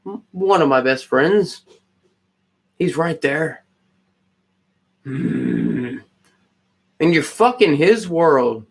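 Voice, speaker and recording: A man's voice: on the high side, lively intonation, extremely slow, creaky, pauses often. A man rambling and swearing while chatting with viewers on a livestream. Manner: rambling, profane, ranting at chat. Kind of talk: casual livestream chat.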